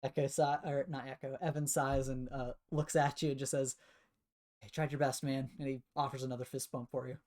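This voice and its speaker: A man narrating a tabletop role-playing game as game master, relaxed and full of filler words. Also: medium pitch, a little fast, hardly any pauses. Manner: relaxed, filler-heavy narration with many uhs.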